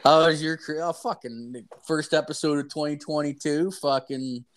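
A man's voice: fairly high pitch, fairly even intonation, moderate pace. Profane rambling male podcast storyteller. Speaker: podcast co-host. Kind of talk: casual storytelling chat.

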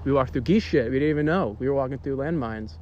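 A man's voice: mid-range voice, darkish tone, dull audio, a little hiss or hum. Profane, joking young man. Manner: loose, profane, joking, quick banter. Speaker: vlogger. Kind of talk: casual joking chat with a friend.

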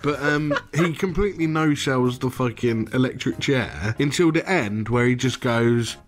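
A man's voice: medium pitch, normal speed, over loud music. A man co-hosting a casual movie review chat, crude and jokey, often laughing as he talks. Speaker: podcast co-host.

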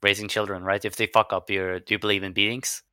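A man's voice: on the low side, level tone, fast talker, sharp tone, clear, resonant tone, no room sound, clean studio sound. A man guesting on a podcast in casual chat, blunt and crude, laughing along with the host.

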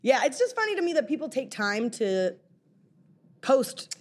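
A woman's voice: sits high, very animated, unhurried. A woman in her thirties, a podcast guest trading sassy, playful comebacks in casual banter. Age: 30s.

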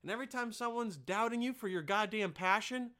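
A man hosting a podcast, doing a rowdy, profane comedic ad read with sudden loud outbursts. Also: sits high, fairly quick. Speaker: podcast host.

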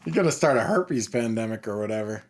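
A man co-hosting a podcast, talking loosely and profanely with frequent loud laughs. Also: on the low side, expressive, fast talker, slight background noise. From Baltimore area. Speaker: podcast co-host. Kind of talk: casual chat.

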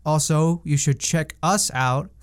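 Smooth-voiced young man hosting casually. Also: on the high side, a little slow. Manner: rambling, many fillers and restarts. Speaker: podcast co-host. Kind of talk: casual movie-review chat.

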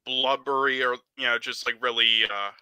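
Podcast co-host guy, super bright clear voice, says "like" a ton. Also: mid-range voice, fairly even intonation, dry recording, poor audio. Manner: halting, lots of fillers like "like". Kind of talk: casual podcast chat.

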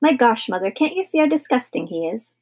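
A snooty older sister, voiced by a woman reading aloud, disgusted and scornful, a little raised, with a husky, gravelly voice. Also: a little high, sing-song, brisk, a little mellow, voice pushed up, exaggerated voice.

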